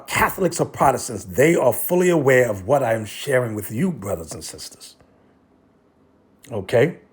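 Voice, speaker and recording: A man's voice: on the high side, slightly rough. A man giving a sermon, reading a document aloud and breaking off to address his listeners directly with emphatic commentary. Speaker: religious teacher.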